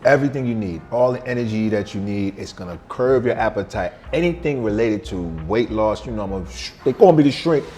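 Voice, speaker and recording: A man's voice: lowish voice, expressive, a little fast, few pauses, a little mellow, faint music behind. A middle-aged man, a vegan chef guest, talking in an emphatic, slangy, boastful way in a casual interview at a restaurant.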